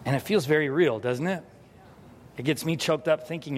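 A man preaching a sermon as pastor, telling a parenting story and acting out the scenes with lively energy. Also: fairly high pitch, normal speed, slight background noise. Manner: animated storytelling, acts out scenes. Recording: hall reverb.

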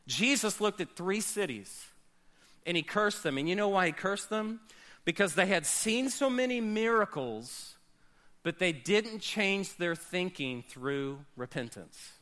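A man preaching a sermon as pastor, swinging between loud bursts and quiet low asides. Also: lively intonation, a little slow.

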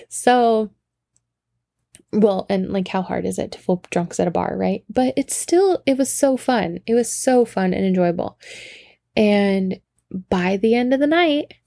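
A woman telling a casual story in an animated, laughing way, with frequent swearing. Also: mid-range voice, creaky, dry recording, studio quality.

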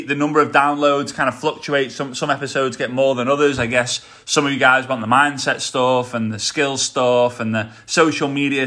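Scouse man, solo podcast host, motivational and direct, energetic delivery. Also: medium pitch. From England.

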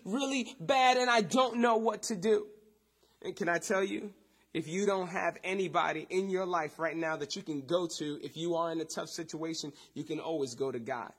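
A man with a high, husky voice delivers a sermon. He preaches with sudden swells of intensity and soft drops, repeating his key points for emphasis. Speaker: pastor.

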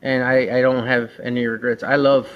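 A man's voice: medium pitch, little pitch movement, normal speed, muffled recording, background noise. A man who runs a mobile mechanic business, talking bluntly in a casual chat and acting out conversations with customers. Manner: blunt, slangy, acts out conversations. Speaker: mobile mechanic and former shop owner.

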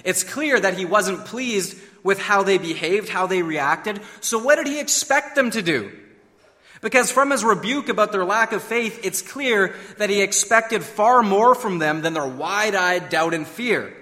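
A man's voice: sits high, expressive, unhurried, sharp tone, big-room sound. A man preaching a sermon, emphatic and full of rhetorical questions. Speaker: pastor.

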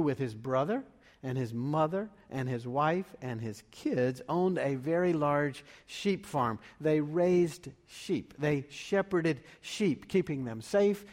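A man delivering a sermon as pastor, measured and full of rhetorical questions. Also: fairly high pitch, darkish tone. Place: church sanctuary. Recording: long reverb of a large room.

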